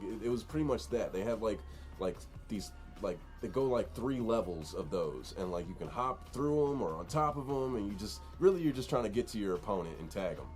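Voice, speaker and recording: Laid-back man chatting on a podcast. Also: lowish voice. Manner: laid-back, jokey, explaining with many "like" fillers. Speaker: podcast co-host. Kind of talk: casual chat.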